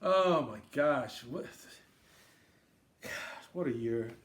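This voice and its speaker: A man's voice: medium pitch, lively intonation, very slow. Jokey man toasting on a podcast. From Queens, New York. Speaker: podcast host. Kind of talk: casual sports chat.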